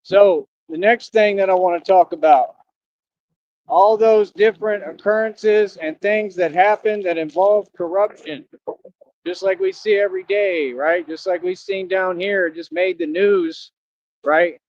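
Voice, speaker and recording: Male streamer from Austin, high voice, confrontational rant, dull dry lo-fi audio. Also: unhurried, a little mellow, dry recording. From Austin, Texas. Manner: confrontational, repetitive, streetwise slang. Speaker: livestreamer. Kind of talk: ranting livestream monologue.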